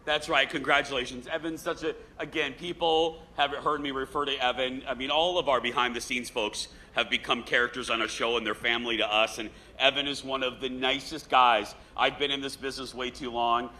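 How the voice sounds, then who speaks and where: A man's voice: mid-range voice, steady tone, brisk, hardly any pauses, bright, forceful tone. A man hosting a live TV talk show, joking and playful with guests and his cohost. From Indiana. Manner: joking, playful, self-deprecating.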